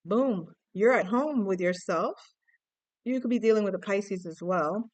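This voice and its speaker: A woman's voice: medium pitch, measured pace, a little mellow, no echo. A woman giving a casual tarot reading to camera, musing and emotive, thinking aloud and often restarting her sentences. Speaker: tarot reader.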